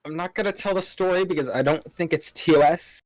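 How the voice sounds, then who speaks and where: A man's voice: fairly high pitch, quick pace, darkish tone, no echo, poor audio. A man guesting on a casual podcast, laid-back and swearing casually.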